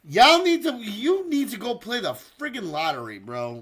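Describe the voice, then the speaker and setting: This streamer, hosting a community server, chats casually with viewers while calling a duck race, swearing freely and quacking loudly in encouragement. He sounds high, very animated, and slightly rough, speaking at normal speed.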